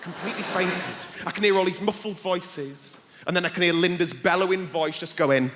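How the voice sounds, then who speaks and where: A young man doing stand-up comedy, telling an animated story and jumping into different voices. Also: sits high, normal speed. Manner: animated, jumps between voices in his story. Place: large theatre stage. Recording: live theatre with long reverb. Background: audience laughter.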